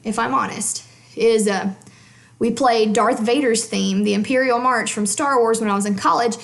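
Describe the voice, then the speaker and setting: Chatty woman teaching, slightly high voice. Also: vocal fry, roomy sound. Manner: chatty, checks in with frequent "okay?". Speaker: music teacher. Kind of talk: casual instruction.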